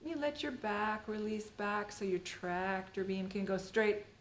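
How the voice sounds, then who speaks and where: A woman's voice: medium pitch, unhurried. Chatty middle-aged woman teacher, echoey room. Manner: rambling, playful and chatty, full of "you know" and "like". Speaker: Alexander Technique teacher. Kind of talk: live-streamed workshop teaching. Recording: roomy echo with faint ambient noise.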